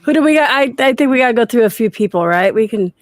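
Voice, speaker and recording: Woman host, high voice, eager and encouraging, dry close recording. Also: expressive, fast talker, no room sound. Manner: eager, encouraging interjections, gasps and laughs. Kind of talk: casual interview.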